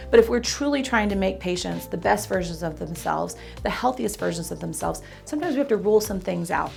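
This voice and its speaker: A woman's voice: medium pitch, vocal fry. A woman dentist with a Texan accent telling a patient story in a chatty, self-deprecating way. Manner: chatty, warm-humored, self-deprecating asides. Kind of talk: casual storytelling to camera.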